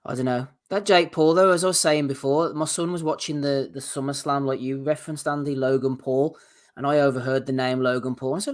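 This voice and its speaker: A man's voice: mid-range voice, steady tone, brisk. A man hosting a boxing podcast, wry and laid-back, steering the talk into fight previews. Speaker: podcast host. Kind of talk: casual chat and fight previews.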